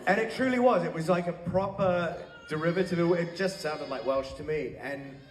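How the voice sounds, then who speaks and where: A man from New Zealand telling stories as a panel guest at a convention, chatty and animated. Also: a little high, moderate pace. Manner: chatty, animated storytelling with laughs. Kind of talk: casual anecdote. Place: large convention hall. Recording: echoey hall with faint ambience.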